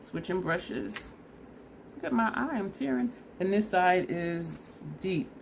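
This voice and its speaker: A woman's voice: lowish voice, lively intonation, takes it slowly, creaky, a little hiss or hum. A woman vlogger casually talking through a makeup try-on step by step, chatty and laughing at herself, teary and sniffly from allergies. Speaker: beauty vlogger.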